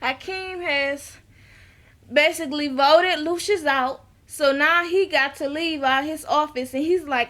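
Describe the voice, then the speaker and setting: A woman recapping a TV episode in casual chat, telling the story in an animated way and talking straight to her viewers. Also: sits high, measured pace. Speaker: TV episode reviewer.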